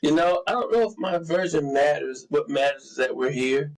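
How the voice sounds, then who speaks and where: A man's voice: fairly high pitch, moderate pace, poor audio. A man in his forties co-hosting a podcast, throwing in wry, teasing remarks in casual chat. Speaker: podcast co-host.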